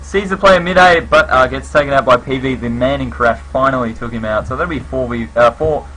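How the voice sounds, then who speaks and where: A man's voice: mid-range voice, fairly quick, sharp tone, slight background noise, rough recording. A man giving casual live play-by-play commentary on a competitive shooter match, with lots of fillers. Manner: casual, filler-heavy, conversational. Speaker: esports commentator.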